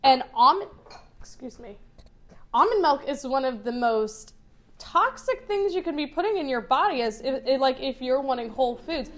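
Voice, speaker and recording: High-voiced woman on a podcast, ranting all fired up, swearing lots. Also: animated, normal speed. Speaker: podcast co-host. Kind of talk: casual chat.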